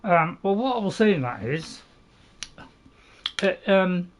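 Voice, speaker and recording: A man's voice: high-pitched, sing-song, slow pace, slight background noise. A British man with a chatty, rambling manner, giving casual let's-play commentary and playfully talking to his viewers. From Britain. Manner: chatty and rambling, talks to viewers while chewing, playfully self-mocking. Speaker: gameplay channel host.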